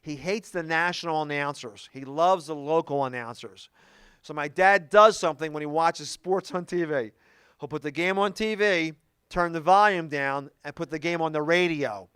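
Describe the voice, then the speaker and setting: A middle-aged man doing a stand-up comedy routine, telling stories in an animated way with quick asides. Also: fairly high pitch, clear, resonant tone, no room sound, clean studio sound. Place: comedy club stage.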